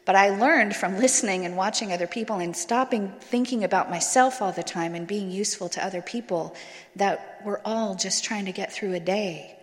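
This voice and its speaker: A woman's voice: medium pitch, moderate pace. A woman giving a candid personal talk to an audience, telling her story bluntly and casually, with some swearing. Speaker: speaker sharing a recovery story. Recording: long hall reverb.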